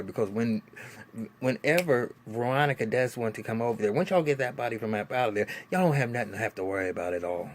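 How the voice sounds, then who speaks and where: Animated, profane man reviewing TV. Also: mid-range voice, quick pace, a little hiss or hum. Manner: animated, profane, frequent restarts and laughs. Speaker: TV show reviewer. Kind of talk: casual vlog commentary.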